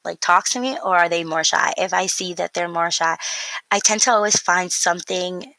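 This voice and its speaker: A woman's voice: on the low side, moderate pace, creaky, no room sound, low-quality recording. A young woman, an early childhood educator, telling stories casually in an interview and acting out the voices of people she quotes. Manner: animated storyteller, acts out quotes.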